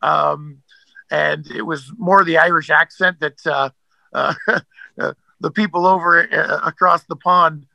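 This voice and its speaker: Bright, gravelly man telling stories. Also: fairly high pitch, fairly even intonation, a little slow, no echo, poor audio. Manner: rambling, many fillers and restarts. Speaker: actor guest. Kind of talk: casual interview storytelling.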